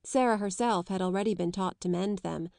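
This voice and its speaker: A woman narrating a classic children's novel in a measured, even reading. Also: mid-range voice, vocal fry, dry recording, clean studio sound. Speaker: audiobook narrator.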